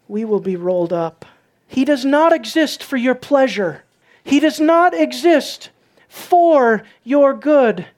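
A woman preaching a sermon, swinging from soft, low passages to loud, emphatic peaks.

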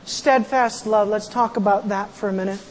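A pastor preaching a sermon in a church, animated, acting out quotes and raising the voice for emphasis. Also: mid-range voice, moderate pace, a little hiss or hum. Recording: long hall reverb.

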